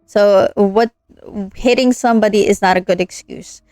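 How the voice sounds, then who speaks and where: Young woman streamer, casual earnest rant, mid pitch, dry close mic. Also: normal speed, darkish tone, dry recording. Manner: ranting, earnest, with laughs and many fillers. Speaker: streamer playing a visual novel. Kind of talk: casual gameplay commentary.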